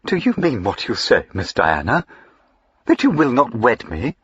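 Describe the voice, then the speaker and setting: A man reading aloud, voicing a pompous, hot-tempered country squire who blusters loudly and shrilly. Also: medium pitch, huge pitch swings, a little slow, breathy edge, muffled recording, heavily acted. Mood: amazed.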